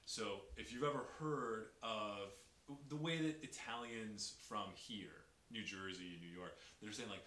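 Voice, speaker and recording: A man chatting energetically on a podcast, explaining language and accents with lively enthusiasm. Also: on the low side, measured pace. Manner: energetic, imitates Italian accents. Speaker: podcast guest. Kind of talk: casual podcast chat. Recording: echoey room with faint hiss.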